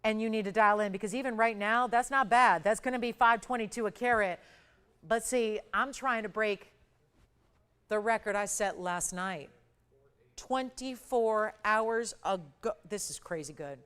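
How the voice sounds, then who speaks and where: A woman hosting a live jewelry shopping show, pitching prices with urgent, excitable hype. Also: a little slow, smooth. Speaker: jewelry shopping channel host.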